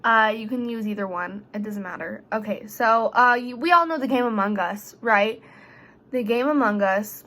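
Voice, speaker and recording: A teenage girl rambles through a casual vlog with jokes and asides. Her voice is bright and sits a little high. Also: moderate pace. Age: teens. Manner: chatty, jokey, rambling. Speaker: high school student vlogger.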